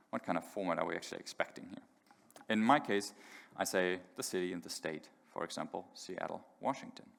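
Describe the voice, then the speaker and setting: A man's voice: deep voice, vocal fry, a bit bright. A man giving a live technical demo at a conference, talking casually with fillers and restarts. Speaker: conference speaker. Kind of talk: live tech demo talk. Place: large conference hall. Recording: echoey hall reverb.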